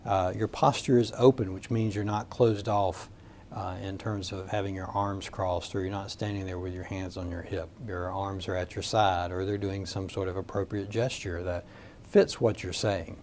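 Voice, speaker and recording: A man teaching a recorded lesson on communication in a measured, explanatory way, with frequent "uh" fillers. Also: low voice, steady tone, a little mellow, a little hiss or hum. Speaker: communications instructor. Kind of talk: recorded lecture.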